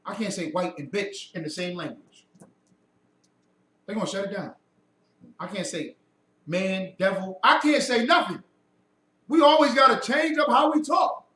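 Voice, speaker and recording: A man's voice: sits high, lively intonation, moderate pace, pauses often, bright, forceful tone. A man giving a heated lecture to a group, preachy and mocking, firing off rhetorical questions. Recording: echoey room, mic far off, faint noise.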